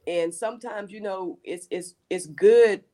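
A middle-aged woman pastor speaks with earnest conviction, looping back and repeating words as she searches for her phrasing. Her voice sits in an ordinary middle range, neither high nor low. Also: a little slow, mellow. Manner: earnest, repeats words and restarts, faith language. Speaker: pastor, guest. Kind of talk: testimony in casual talk.

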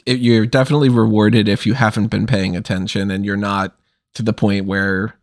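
A man's voice: on the low side, flat delivery, brisk, no echo, studio quality. A man hosting a casual podcast chat while a little under the weather, talking in a wry, deflated, complaining way. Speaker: podcast host.

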